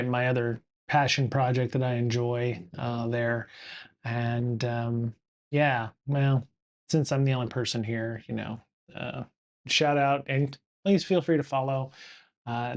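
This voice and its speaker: A man's voice: medium pitch, fairly even intonation, unhurried, highs cut off. A middle-aged man chats casually through a solo live stream in an ordinary mid-range voice. He rambles, restarts his sentences and fills gaps with ums and uhs. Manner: rambling, many fillers and self-corrections. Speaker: podcast host streaming solo.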